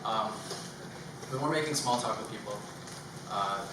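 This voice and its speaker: A man performing a stand-up routine on a comedy stage, nervous and halting, filling pauses with ums and uhs. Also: lowish voice. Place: comedy stage before a live audience. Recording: echoey room from far off, loud background noise.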